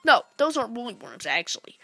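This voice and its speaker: Woman, casual retro-game commentator, bright and slightly high, goofy, close dry mic. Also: big pitch swings, fast, creaky, slightly rough, no echo. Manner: goofy and playful, jumping between whispers, squeals and shouts. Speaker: gameplay commentator. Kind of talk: casual let's-play commentary.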